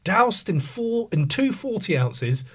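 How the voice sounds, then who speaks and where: A man in a casual podcast debate, talking with animated emphasis and plenty of swearing. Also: high voice, takes it slowly, breathy edge. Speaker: podcast panelist.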